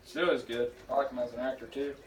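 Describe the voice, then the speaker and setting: A man's voice: mid-range voice, little pitch movement, quick pace. Rambling jokey young man in a kitchen. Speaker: show applicant. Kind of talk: casual audition vlog while cooking. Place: home kitchen. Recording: echoey kitchen, voice from far off, faint noise.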